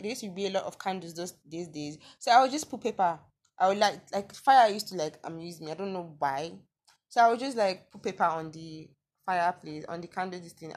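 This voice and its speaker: Animated Nigerian woman podcaster. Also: on the low side. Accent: Nigerian, Yoruba-inflected. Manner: animated, incredulous reactions with frequent laughter and exclamations. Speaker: podcast host. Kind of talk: casual solo podcast reading listener messages.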